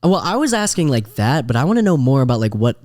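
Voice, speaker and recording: A man's voice: mid-range voice, sing-song, fast talker, a little mellow, no echo. A young man hosting a podcast, asking questions and chatting in an easygoing, laid-back way. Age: young adult. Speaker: podcast host. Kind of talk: casual interview chat.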